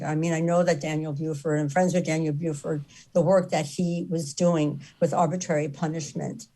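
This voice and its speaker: Woman with a lowish voice, telling it earnest and fired up, says stuff over and over for weight. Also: mellow, low-quality recording. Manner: impassioned, repeats phrases for emphasis. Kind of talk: earnest storytelling talk.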